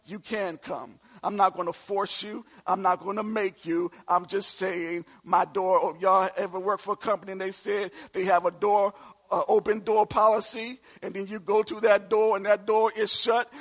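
A man in his forties preaching a sermon, calling out to the congregation and swinging from soft asides to shouted lines. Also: sits high. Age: 40s. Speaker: pastor.

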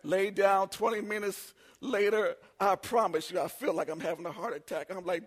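A man in his forties preaching a sermon, telling funny personal stories and building up to shouts. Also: high-pitched, normal speed. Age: 40s. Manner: humorous storytelling, builds to shouting. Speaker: pastor.

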